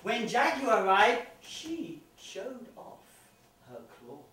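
Animated, slow-paced male storyteller. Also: sits high. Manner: dramatic, animated, with sudden loud bursts and hushed drops. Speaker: professional storyteller. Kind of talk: live storytelling performance. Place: live stage venue. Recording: echoey live venue, distant mic.

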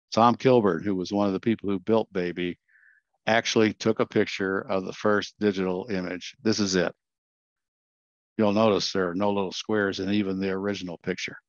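An older man with a voice on the low side gives a slide presentation as a guest speaker over a video call, earnestly telling a story and often correcting himself. The sound is dull, dry, and lo-fi, with no echo.

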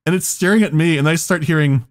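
A man's voice: on the high side, quick pace. A man on a podcast telling a story in casual chat, laughing often and swearing as he goes. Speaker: podcast co-host.

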